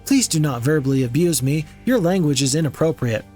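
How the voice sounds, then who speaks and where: A man mimicking a calm, polite voice assistant. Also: on the high side, fairly quick, faint music behind, close to an everyday voice. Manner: calm, cool, collected.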